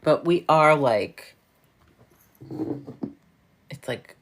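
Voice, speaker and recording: A woman's voice: sits low, lively intonation, drawn-out words, a little hiss or hum. A woman in her fifties, from New York, chatting casually with viewers on a livestream, laughing often and swearing freely. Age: 50s. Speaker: livestream host.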